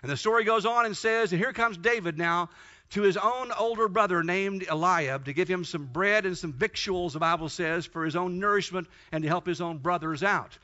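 High bright-voiced male preacher. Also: normal speed. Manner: fervent, emphatic retelling of Bible stories. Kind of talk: sermon. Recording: dull lo-fi recording.

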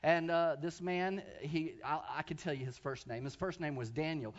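A man preaching a sermon who tells a story, swinging from quiet asides to loud, shouted preaching. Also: a little high, normal speed, highs cut off. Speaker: pastor.

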